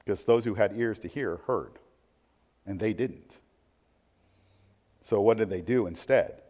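A man delivering a sermon in a large church hall, his voice trailing off into long reverb. He shifts between soft, reflective asides and loud, emphatic stretches. He keeps asking the congregation rhetorical questions. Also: fairly low pitch, measured pace. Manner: swings from quiet musing to loud, emphatic preaching. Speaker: pastor.

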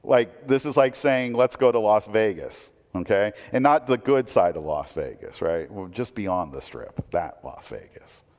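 A man preaching a sermon in a conversational way, asking rhetorical questions and swinging between loud emphasis and quiet asides. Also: deep voice, a little slow, hardly any pauses, long reverb tail. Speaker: pastor.

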